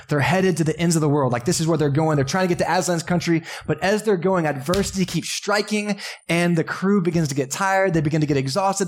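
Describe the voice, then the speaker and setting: Man, pastor, sermon, earnest, impassioned emphasis. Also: mid-range voice. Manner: drops to soft, quiet prayer.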